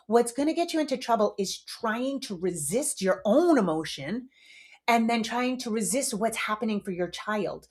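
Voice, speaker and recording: A woman's voice: on the high side, animated, moderate pace, darkish tone. A middle-aged woman hosting her own podcast, talking frankly and casually with the odd swear word. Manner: frank and chatty, a swear here and there. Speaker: podcast host. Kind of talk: casual solo podcast talk.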